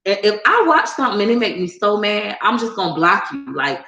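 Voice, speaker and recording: Woman vlogger, lively slangy storyteller, mid pitch, echoey room. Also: fairly quick, few pauses, lo-fi sound. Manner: animated, slangy storytelling, laughs often. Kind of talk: casual chat.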